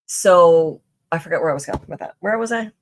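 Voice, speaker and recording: A woman's voice: fairly low pitch, animated, a little fast, a little hiss or hum. Chatty woman telling a personal story. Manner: chatty, many fillers and restarts, asks "right?". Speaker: podcast guest. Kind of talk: casual interview storytelling.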